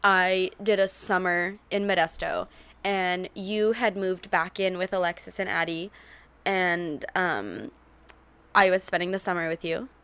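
A woman telling shared memories in a casual, animated way, laughing often and swearing now and then, close to a podcast microphone. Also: fairly low pitch, measured pace, clean tone. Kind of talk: casual chat.

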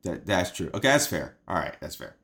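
A bombastic man hosting a comedic sports podcast, swearing freely and hyping himself up. His pitch swings widely from line to line, giving the rant a theatrical, animated feel. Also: brisk. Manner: bombastic, swearing, mock-hyped delivery. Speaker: podcast host.

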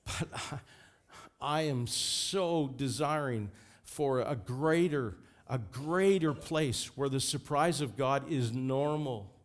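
A man's voice: mid-range voice, slow pace. A man preaching a sermon as pastor, fervent and emphatic.

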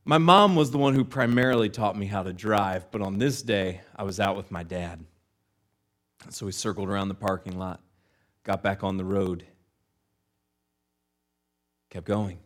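A male pastor telling a self-deprecating story in a sermon, animated and acting out the lines, speaking in a church. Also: deep voice, moderate pace, pauses often.

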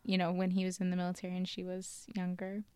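A woman's voice: fairly low pitch, completely flat delivery, fast, warm tone, clear, resonant tone, no echo, studio quality. A woman co-hosting a casual podcast, recounting a story in a chatty, giggly way and often apologizing. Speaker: podcast co-host.

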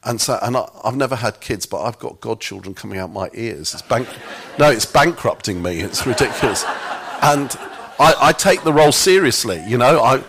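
A man's voice: mid-range voice, animated, normal speed, a bit bright, slight background noise. A middle-aged man giving a sermon-style talk, telling humorous, self-mocking anecdotes. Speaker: church speaker.

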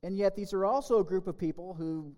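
A man preaching as a pastor, reading scripture and a fable to children, then giving a sermon in an emphatic, measured way. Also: high-pitched, warm tone, long reverb tail.

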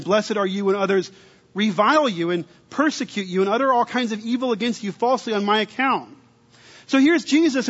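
A man's voice: very high-pitched, fairly bright tone. A man preaching an expository sermon in a teacherly way, stacking his points in repeated lists. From United States. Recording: dull lo-fi recording with long reverb.

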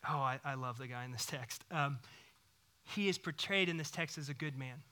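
A man in his thirties preaching a sermon, animated, swinging between loud bursts and hushed whispers. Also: medium pitch, moderate pace. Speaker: pastor.

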